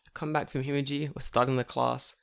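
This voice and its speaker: A man's voice: mid-range voice, fast talker, creaky, smooth. A man co-hosting a podcast, telling stories in casual, profane chat and acting out the voices. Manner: animated, swears a lot, acts out voices. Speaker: podcast co-host.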